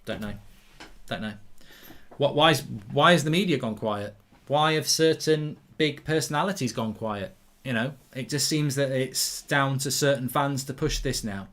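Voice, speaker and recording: A man's voice: mid-range voice, normal speed, fairly bright tone. A man hosting a live football watchalong, rambling casually as he reads viewer comments aloud. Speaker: host. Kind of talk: live match watchalong chat.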